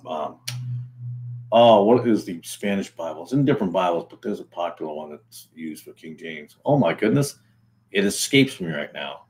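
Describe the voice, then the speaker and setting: Sarcastic New England man, lowish voice. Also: a little mellow, slight background noise. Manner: sarcastic, rambling with fillers and restarts. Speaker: video host. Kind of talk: casual solo commentary.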